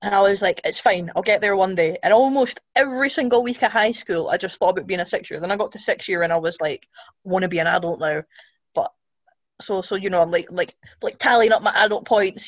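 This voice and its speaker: A woman's voice: fairly low pitch, no echo. Young Scottish woman guest, chatty and rambling, dry muffled recording. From Scotland. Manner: chatty, rambling, many restarts. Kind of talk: casual chat.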